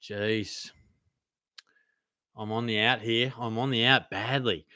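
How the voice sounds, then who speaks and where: A man's voice: lowish voice, steady tone, slow, pushed and bright, clean tone, no echo, clean studio sound. A young man in his twenties with an Australian accent, hosting a live Q&A and reading out chat questions in casual, laid-back banter. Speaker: host.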